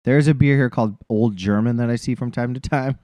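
A man's voice: medium pitch, fast talker, warm tone, no echo, highs cut off. A man co-hosting a podcast, chatting casually in a rambling, profane way. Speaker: podcast co-host. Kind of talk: casual chat.

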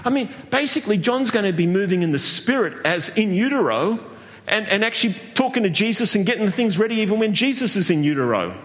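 A man preaching a sermon, animated, jumping to high exclamations and laughing at his own jokes. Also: quick pace, in a large hall. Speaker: pastor.

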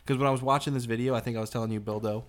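A man's voice: medium pitch, rapid-fire. A man co-hosting a casual podcast, telling stories animatedly and swearing freely. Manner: animated storyteller, swears a lot, mimics people he talks about. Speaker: podcast co-host. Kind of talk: casual chat.

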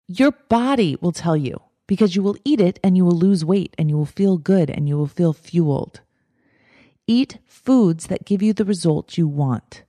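Firm, mellow-voiced woman coaching. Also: mid-range voice, dry recording, clean studio sound. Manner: direct, emphatic, repeats her steps. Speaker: life coach and podcast host. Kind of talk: motivational podcast talk.

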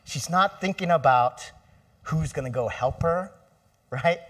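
A man's voice: a little high, a little slow, a bit bright, recorded from a distance. A middle-aged man preaching a sermon in a church, conversational and asking the congregation for responses. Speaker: pastor.

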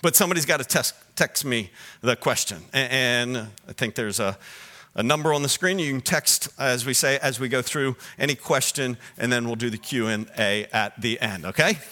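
A man preaching a sermon as pastor, swinging between loud emphatic lines and soft low asides, often asking the listeners direct questions. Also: normal speed. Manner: asks the audience direct questions.

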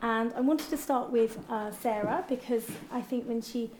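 A woman's voice: fairly high pitch, normal speed, darkish tone. A woman from Britain moderating a live panel talk, hesitant, with many ums and restarts. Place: event venue, live audience. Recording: echoey event hall with faint noise.

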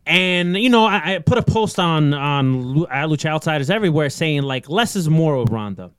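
A man hosting a casual wrestling talk show, animated and rambling, laughing often. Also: fairly high pitch, moderate pace, smooth, dry recording, clean studio sound. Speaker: podcast host.

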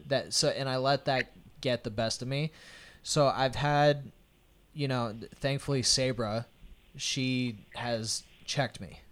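A man co-hosting a podcast, telling lifting stories in an animated, excited way with casual swearing. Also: medium pitch, slow. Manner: animated, hyped storytelling, swearing. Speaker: podcast co-host, powerlifter. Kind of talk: casual chat.

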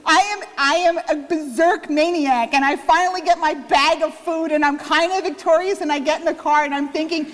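A woman's voice: high voice, steady tone, normal speed, hardly any pauses. A woman pastor giving a sermon, telling a self-mocking story and acting out the quotes. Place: church. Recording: church hall reverb.

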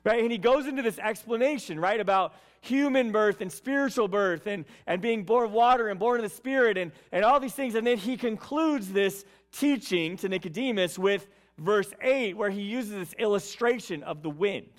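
A man's voice: high-pitched, normal speed, hardly any pauses. A man preaching a conversational sermon, reading scripture and often checking in with "right?" and "okay". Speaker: pastor.

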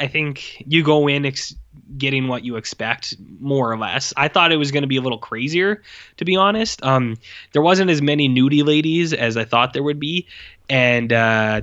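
A man's voice: mid-range voice, normal speed, pushed and bright, highs cut off. A man casually chatting about movies on a podcast, rambling with lots of fillers. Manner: rambling, filler-heavy, laid-back. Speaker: podcast host reviewing movies. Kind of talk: casual chat.

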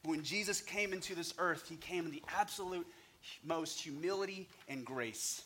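Man preacher, bright tense tone, earnest scripture delivery, some background hiss. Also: fairly high pitch, normal speed. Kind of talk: competitive sermon. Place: church stage.

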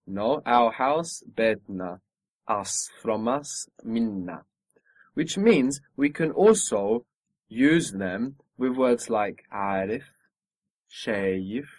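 A man's voice: medium pitch, lively intonation, takes it slowly, dry recording. A man teaching a spoken language lesson, patiently modelling pronunciation and encouraging his student.

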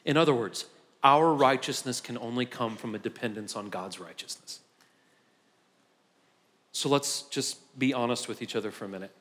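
A man's voice: medium pitch, moderate pace, long pauses, fairly bright tone. A male pastor preaching a conversational sermon in a church, building from easy talk to impassioned peaks. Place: church sanctuary. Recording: long hall reverb.

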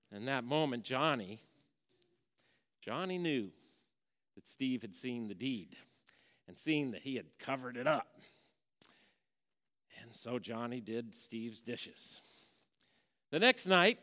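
A man preaching a sermon, telling a folksy story, going from hushed to emphatic. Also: medium pitch, lively intonation, slow, pauses often. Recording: long reverb of a large hall.

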